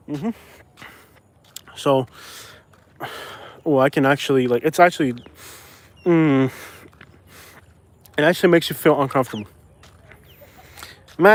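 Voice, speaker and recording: A man's voice: a little high, dry recording. Rambling man live-streaming outdoors. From Florida. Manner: rambling, repeats himself. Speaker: vlogger hosting a live stream. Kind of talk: casual live-stream chat while walking. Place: outdoors near a beach. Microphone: phone on a stabilizer.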